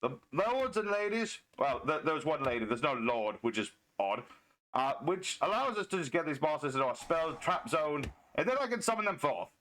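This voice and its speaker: A man's voice: a little high, big pitch swings, normal speed, a bit bright, poor audio. A man commentating a card game while playing a pompous noble knight, with theatrical archaic phrasing.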